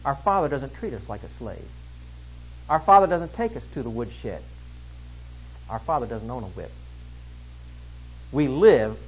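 A man preaching an expository sermon, emphatic, swinging between loud stresses and hushed lines. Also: mid-range voice, slightly rough, low-quality recording.

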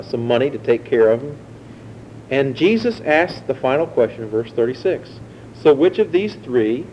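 A man's voice: mid-range voice, warm tone, slight background noise, low-quality recording. A man preaching a sermon, teaching in a conversational way and putting questions to his listeners.

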